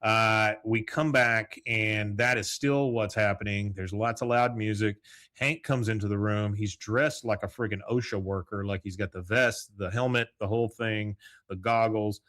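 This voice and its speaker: A man's voice: on the low side, steady tone, moderate pace, fairly bright tone, no room sound. A man hosting a podcast solo, recapping a cartoon episode in a rambling, casual way, full of fillers. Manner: rambling, with frequent fillers and chuckles. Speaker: podcast host.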